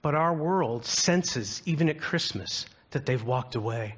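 In this dull lo-fi recording, a pastor preaches with an expressive, slightly rough medium-pitched voice at a measured pace. He tells stories earnestly and asks the congregation rhetorical questions.

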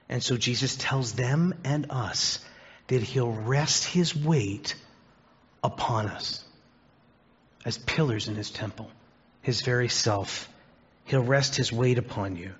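A husky-voiced male pastor delivers his sermon with earnest, deliberate phrasing, lingering on the words he wants to land. The sound is dull and lo-fi, like a modest church recording. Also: medium pitch. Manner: earnest preaching, slowing on key phrases.

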